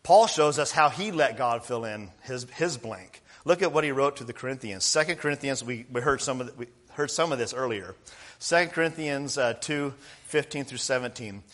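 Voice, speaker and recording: A male minister delivering a sermon in a mid-pitched voice. He climbs in pitch and volume to stress a point, then drops low and quiet to let it land. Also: normal speed. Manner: preaching with rising emphasis and soft, low falls.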